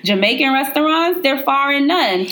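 A woman's voice: high-pitched, lively intonation, normal speed, pushed and bright. A woman co-hosting a podcast with Barbadian roots, chatting animatedly and laughing easily. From Barbados heritage. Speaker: podcast co-host. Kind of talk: casual podcast chat.

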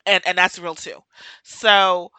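A woman's voice: fairly low pitch, level tone, slow, bright, forceful tone, clear, resonant tone, no room sound, poor audio. A woman hosting her own podcast, speaking in an emotional, impassioned monologue and hammering her points home by repeating them. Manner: impassioned, emphatic, repeats key phrases. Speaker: podcast host.

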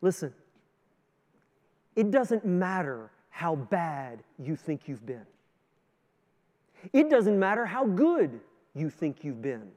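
A Canadian male pastor delivers a sermon in a fairly high voice. He swings between loud, rising emphasis and soft, low asides. The long reverb of a large hall trails behind every phrase. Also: very animated, slow pace. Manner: preaching with strong rises and drops in loudness; sings a hymn line with the congregation.

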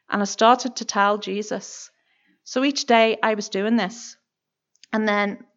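A woman's voice: medium pitch, a bit bright, dull audio. A woman with a Northern Irish accent giving an earnest, emotional personal testimony in church, often stopping and restarting her sentences.

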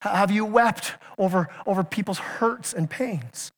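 A man's voice: high voice, unhurried. A man preaching a sermon as pastor, earnest and emphatic, asking his listeners question after question and sometimes stumbling into restarts. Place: church sanctuary. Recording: church hall with long reverb.

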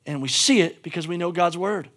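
A man preaches a sermon in a fairly high voice. He swings from near-shouted fervor to soft, intimate appeals. He drives his points home by repeating the same phrases. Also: fairly quick. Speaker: pastor.

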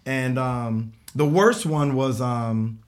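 On a podcast panel, a forties-aged man slowly works through a long personal story, laughing and animatedly doing the voices of the characters. His pitch is medium, and a little hiss or hum runs under the audio.

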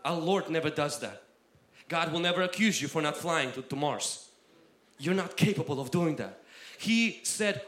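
A man preaching a sermon with passion, swinging between loud exhortation and quiet asides. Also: high-pitched, lively intonation, normal speed. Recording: roomy echo.

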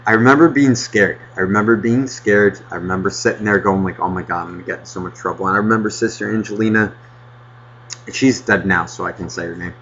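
Swearing man telling a rambling story. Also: on the low side. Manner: rambling, heavy swearing, animated retelling. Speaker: podcast host. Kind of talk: casual storytelling chat. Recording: dull lo-fi podcast audio.

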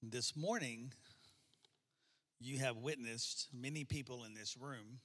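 A man speaking to an audience at a service with a measured, deliberate delivery. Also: mid-range voice, a bit bright. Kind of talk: address to an audience. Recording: long hall reverb.

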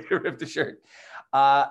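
A man's voice: medium pitch, takes it slowly, slightly rough, muffled recording. A young man, a teacher and podcast co-host, telling stories in casual chat and acting out the quotes with gusto. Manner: animated storyteller, acts out quotes loudly.

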